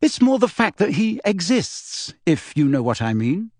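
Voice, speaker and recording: A man's voice: high-pitched, very animated, normal speed, a little mellow, no room sound, studio quality, voice pushed up. A man voicing a cold, arrogant teenage boy in a storybook reading. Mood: smug. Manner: cold, smug.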